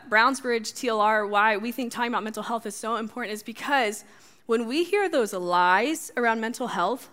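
Young woman speaker, sermon from a stage, bright and fairly high voice, sarcastic conversational wit. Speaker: speaker at a church gathering. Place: stage before a live audience.

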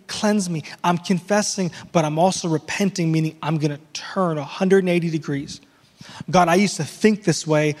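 A man's voice: sits high, big-room sound. A man preaching a conversational sermon as pastor, with frequent restarts and playful asides.

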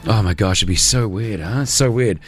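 A man's voice: fairly low pitch, normal speed, soft background music. A man with an Australian accent, co-hosting a casual studio chat and leading a word game. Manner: animated, playful, leads the segment. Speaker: radio co-host.

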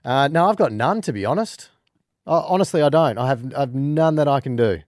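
A man's voice: mid-range voice, animated, brisk, darkish tone, no room sound. A man hosting a breakfast radio show, joking and laughing often in casual banter from a studio microphone. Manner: jokey, laughs often, teasing.

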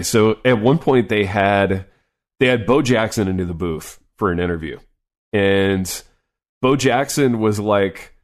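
A man co-hosting a sports podcast in casual chat, loose and rambling with lots of filler words. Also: on the low side.

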